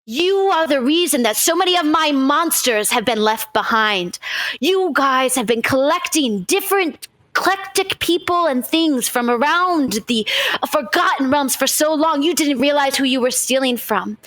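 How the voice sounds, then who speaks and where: A woman's voice: high voice, expressive, moderate pace, fairly bright tone, no room sound. A woman voicing a scheming male circus ringmaster villain who talks in a theatrical, gloating way.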